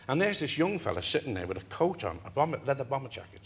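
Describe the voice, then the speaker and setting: Animated older man telling a tale. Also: medium pitch, quick pace. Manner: animated, laughs through his own story. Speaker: interview guest. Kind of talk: anecdotal storytelling.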